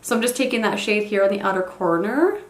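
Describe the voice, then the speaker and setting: A woman's voice: mid-range voice, fast, echoey room. A young woman chatting casually as a beauty vlogger in her bedroom, rambling with self-deprecating asides. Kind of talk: casual get-ready-with-me chat. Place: bedroom at home.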